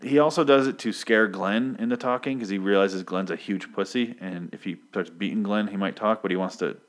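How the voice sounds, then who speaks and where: A man's voice: fairly low pitch, a little fast. A man casually recapping a comic book, sarcastic, rambling and swearing freely.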